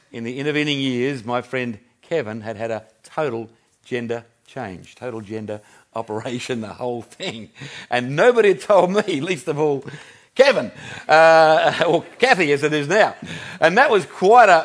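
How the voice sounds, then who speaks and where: A pastor in his fifties with an Australian accent delivers a sermon as relaxed storytelling, chuckling and restarting sentences along the way. His voice sits on the higher side.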